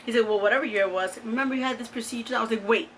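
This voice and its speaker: A woman in her thirties telling a personal story to her camera in a chatty, animated way, full of fillers and exclamations. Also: on the high side, very fast, slight background noise, low-quality recording. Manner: chatty, animated, lots of "like" and "oh my God". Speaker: vlogger.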